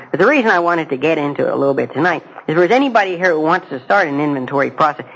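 Speaking directly to the crowd at a recovery meeting, this middle-aged man shares his own story in a chatty, self-deprecating way and poses questions to listeners. His fairly high voice carries vocal fry and sounds a bit bright and slightly rough. The recording quality is low.

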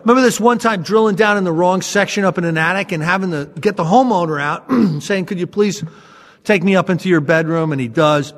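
A man telling a self-mocking story about his drinking to an audience, in an animated, storytelling way. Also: high-pitched, fairly quick. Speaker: speaker sharing a recovery story. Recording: long hall reverb.

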